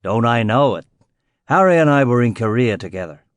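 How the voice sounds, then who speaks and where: A man voicing a genial older man with an American accent, slow and easygoing. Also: mid-range voice, expressive, no echo, lightly acted.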